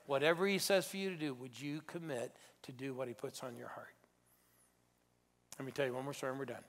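A male pastor telling a story in a sermon, swinging from loud bursts down to hushed whispers. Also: mid-range voice. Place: church sanctuary.

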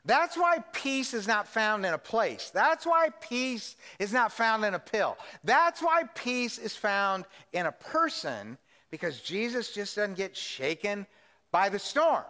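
A man preaching a sermon as pastor, animated and drawing answers from the congregation with questions. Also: high voice, slow. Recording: long hall reverb.

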